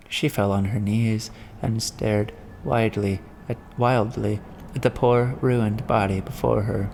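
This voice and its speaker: A man giving a measured, solemn reading of a classic novel as an audiobook narrator. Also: fairly low pitch, fairly even intonation, vocal fry, darkish tone, slight background noise.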